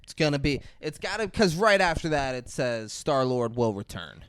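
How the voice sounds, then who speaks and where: A man co-hosting a podcast in casual chat, telling stories in an animated, profane way. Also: mid-range voice, normal speed, clean tone, dry recording, clean studio sound. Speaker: podcast co-host.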